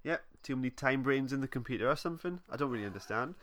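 A man co-hosting a casual podcast, recapping a plot in a relaxed way and often trailing off with vague wrap-ups. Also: medium pitch, very fast, noisy background. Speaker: podcast co-host. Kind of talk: casual fan podcast chat.

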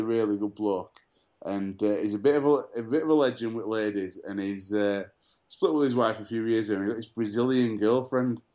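Male co-host, low-ish register, loose anecdotal delivery. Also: darkish tone. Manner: chatty storyteller, many fillers and restarts. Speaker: podcast co-host. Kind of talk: casual sports chat.

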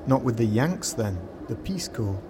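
A man's voice: mid-range voice, big pitch swings, measured pace, background noise. A man playing a friendly young local journalist. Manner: friendly, reassuring, helpful.

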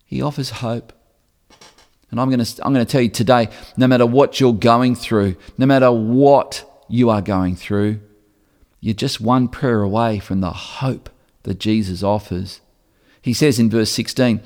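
A male pastor delivers his sermon in an earnest, conversational way. He circles back to repeat key phrases and now and then stumbles over a word. His mid-pitched voice rings out in a big hall with a long echo trailing each phrase. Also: normal speed, a little mellow. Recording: long reverb of a large hall.

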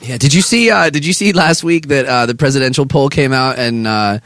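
A man's voice: mid-range voice, a little fast, fairly bright tone, no room sound. A man in a backstage dressing room, joking and teasing his bandmate in casual banter. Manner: joking, teasing, laughs often. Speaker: band member hosting a backstage chat.

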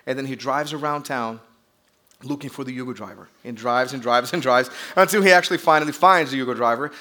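A Brazilian pastor with a Brazilian accent preaches a sermon as chatty, joking storytelling, calling out to the audience. His medium-pitched voice is fairly quick and sharp in tone.

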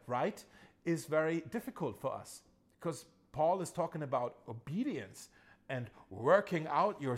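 A male pastor delivering a conversational sermon, repeating key phrases and chuckling at himself now and then. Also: a little high.

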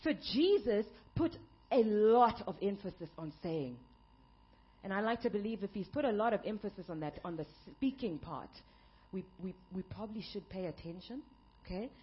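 Woman pastor, lively swooping sermon delivery, dull lo-fi recording. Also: mid-range voice, moderate pace. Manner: emphatic preaching, building to shouted climaxes.

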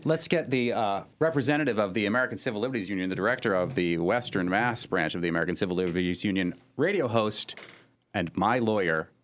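A man's voice: on the low side, fast, fairly bright tone. A man guest-hosting a radio roundtable, chatty and joking. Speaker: guest host. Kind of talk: casual talk radio discussion.

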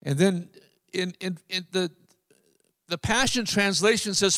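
A man preaching a sermon, emphatic, with drawn-out phrases and repeated lines. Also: high voice, animated, fairly bright tone, long reverb tail. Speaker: pastor.

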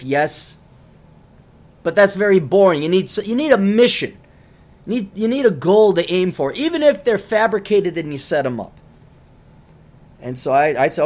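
A man's voice: on the high side, darkish tone. A middle-aged man hosting a podcast, telling a rambling story in a casual monologue with many restarts. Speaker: podcast host.

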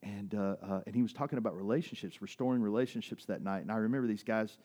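Telling a personal story during his sermon, a male pastor's pitch rises quickly in excited bursts, then drops into soft, emotional asides. He sounds close to tears at points.

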